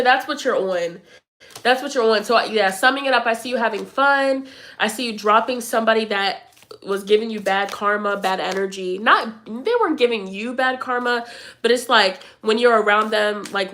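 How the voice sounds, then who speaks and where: A young woman reading tarot cards for her viewers in a loose, chatty way, full of slang and playful asides. Her voice sounds a bit congested. Her pitch sits in an ordinary middle range, and a faint noise hangs behind her. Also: a bit bright. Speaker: tarot reader.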